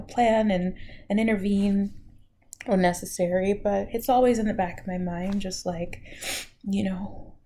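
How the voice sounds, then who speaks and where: A woman, telling her own health story in an emotional, halting way, close to tears and sometimes dropping to a soft near-whisper. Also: mid-range voice, gravelly, slight background noise. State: tearful. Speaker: vlogger sharing her health journey. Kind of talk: emotional personal vlog.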